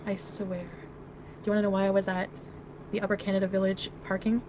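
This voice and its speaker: A woman's voice: medium pitch, fast. A woman in casual live-stream chat, rambling and giggly as she overshares, heard as a clip played back within another stream. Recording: clip played in a stream with steady background noise.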